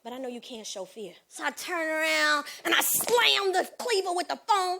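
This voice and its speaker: A woman's voice: high voice, moderate pace, creaky, few pauses. A middle-aged woman telling sassy comic stories in a one-woman stage show, acting out the people in them. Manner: animated, sassy storytelling with mimicry. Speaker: comedic solo performer. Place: theater stage.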